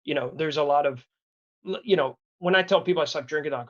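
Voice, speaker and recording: A man's voice: a little high, fast talker, fairly bright tone, dull audio. A man in his thirties from Wisconsin, telling a personal story as a podcast guest in a candid, earnest, rambling way with many restarts. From Wisconsin, USA. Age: 30s.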